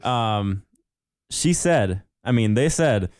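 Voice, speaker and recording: Smooth low-voiced young man. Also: animated, slow pace, a little mellow, no room sound, clean studio sound. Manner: laid-back, joking, reads listener letters aloud. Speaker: podcast co-host. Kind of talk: casual podcast chat.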